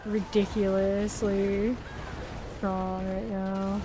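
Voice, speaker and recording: A woman's voice: mid-range voice, level tone, extremely slow, background noise. Chatty woman streaming a game. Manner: chatty, rambling, laughs often. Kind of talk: casual live-stream gaming chat.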